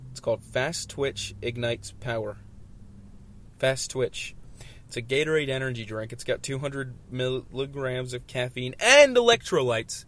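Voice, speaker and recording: A man in his twenties talking a rambling solo podcast from his phone while driving, easygoing and chatty, then bursting into loud rants. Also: medium pitch, moderate pace. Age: 20s. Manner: chatty, flips into loud ranting. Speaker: podcast host. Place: inside a moving car. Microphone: phone mounted in the car. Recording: car noise in the background. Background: road and engine noise.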